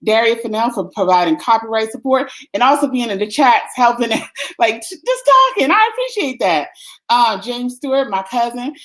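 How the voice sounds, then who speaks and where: Effusive woman host, higher voice. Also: normal speed, low-quality recording. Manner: effusive, grateful, laughs often. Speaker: summit host. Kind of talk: livestream closing remarks.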